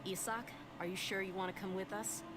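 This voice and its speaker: A woman's voice: medium pitch, steady tone, a little fast, a crowd in the background, natural voice. An actress playing a tough, blunt female mercenary in a game, talking in an easygoing, direct way.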